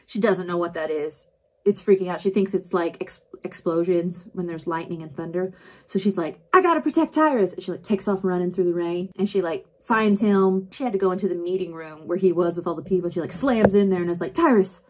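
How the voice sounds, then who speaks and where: This woman's voice is on the low side, mellow and fairly even, moving a little fast. As a book vlogger she chats through a recap while putting on makeup, acting out quotes and filling each line with "like."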